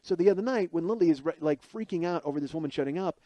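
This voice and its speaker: A man's voice: fairly high pitch, very fast, mellow, no echo. A man in his forties, a podcast host, telling a comic personal story in a profane, rambling, self-deprecating monologue. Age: 40s.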